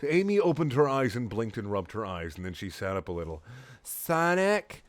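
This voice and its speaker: A man reading a story aloud in a sarcastic, deadpan way, with mocking asides. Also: lowish voice, fast, no room sound. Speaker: comedic reader.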